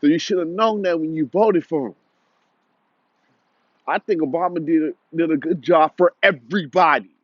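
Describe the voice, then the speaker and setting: A man's voice: fairly high pitch, normal speed, pauses often, no echo, lo-fi sound. A young man delivering a heated, repetitive, confrontational commentary rant.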